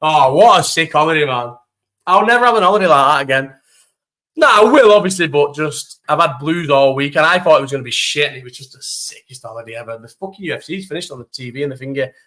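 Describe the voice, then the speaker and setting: A man's voice: on the high side, fast. A young man chatting casually on a live stream, telling stories with lots of swearing and slang. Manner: animated storytelling, heavy swearing, slang. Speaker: live chat host.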